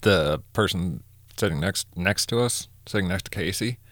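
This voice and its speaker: A man's voice: low-pitched, moderate pace, a bit bright, no room sound. A man co-hosting a podcast, chatting casually and giving blunt opinions. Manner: blunt, dry remarks. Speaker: podcast co-host. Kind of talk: casual chat.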